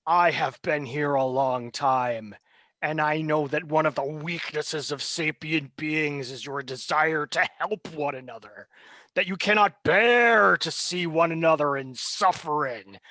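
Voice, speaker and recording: A man voicing a cruel, gloating alien being who holds captives, speaking slowly and theatrically. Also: on the high side, sharp tone, dry recording. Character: mocking ancient male alien being, cruel captor.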